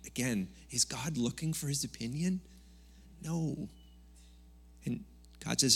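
A man's voice: medium pitch, slow, pauses often, breathy edge. A man preaching a Sunday church sermon in a conversational, jokey way, now and then raising his voice. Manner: conversational, jokey preaching with sudden loud bursts. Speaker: pastor. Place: church service.

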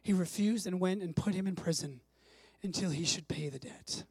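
A pastor preaching a sermon emphatically, swinging between soft passages and loud, urgent ones. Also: medium pitch, normal speed, breathy edge, no echo.

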